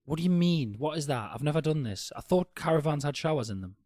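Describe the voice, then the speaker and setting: A man's voice: a little high, expressive, fast talker, dark tone, no room sound. A man on a podcast whose voice swoops up and down as he teases and swears in mock outrage. The sound is close and dry, with no room around it. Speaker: podcast co-host. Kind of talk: casual podcast banter.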